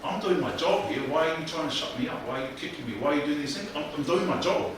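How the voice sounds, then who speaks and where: A man's voice: a little high, lively intonation, quick pace, noisy background, lightly acted. A man voicing a loyal worried guard dog. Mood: confused. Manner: pleading, confused, earnest. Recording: echoey room, distant mic.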